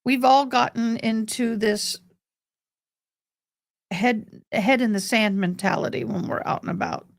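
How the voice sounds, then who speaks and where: A woman's voice: fairly high pitch, unhurried, long pauses, dry recording, studio quality. A middle-aged woman hosting a livestream, chatting casually with viewers and calling them honey and boo. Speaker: livestream host. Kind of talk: casual chat to live viewers.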